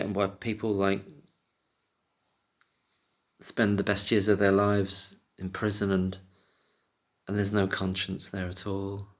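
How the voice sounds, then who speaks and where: A man's voice: lowish voice, fairly bright tone. Agitated sweary man ranting. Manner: agitated, sweary, restarts words, rapid outbursts. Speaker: commentator. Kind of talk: angry solo rant to camera.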